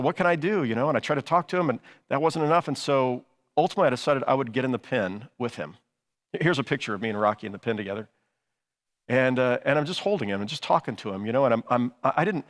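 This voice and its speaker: Fast-talking pastor preaching in a hall. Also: male voice, medium pitch. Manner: conversational preaching with frequent restarts and "you know". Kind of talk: sermon.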